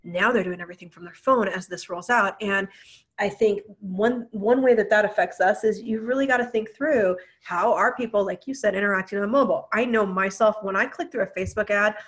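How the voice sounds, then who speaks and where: A woman's voice: medium pitch, brisk, a bit bright, breathy edge. A woman co-hosting a casual business podcast, chatty and enthusiastic, often laughing. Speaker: podcast co-host.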